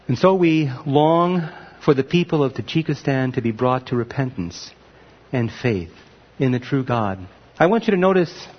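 A man preaching a sermon as pastor, with emphatic stresses that climb high. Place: church. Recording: dull sound, long hall reverb.

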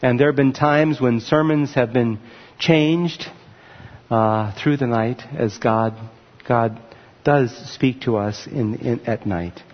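A man's voice: medium pitch, takes it slowly. A man preaching a sermon in a church, earnest and emphatic, with fillers and restarts. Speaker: pastor. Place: church sanctuary. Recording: muffled sound with long reverb in a church hall.

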